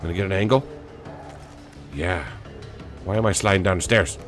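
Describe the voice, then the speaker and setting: A man's voice: deep voice, moderate pace, over music. A man with a cold giving frantic, jokey commentary while playing a video game. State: has a cold. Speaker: let's play gamer. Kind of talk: gaming commentary.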